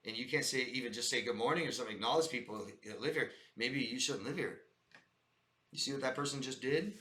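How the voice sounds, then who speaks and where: Guy coaching viewers on dealing with people, punchy and repetitive, bright voice, roomy echo. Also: medium pitch. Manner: emphatic and repetitive, addresses viewers as "guys". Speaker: life coach. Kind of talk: direct-to-camera advice monologue.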